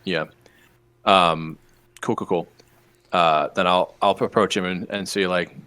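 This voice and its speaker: A man's voice: low-pitched, steady tone, slow pace, pauses often, pushed and bright, clear, resonant tone. A man playing a tabletop role-playing game, talking hesitantly with lots of ums. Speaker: player.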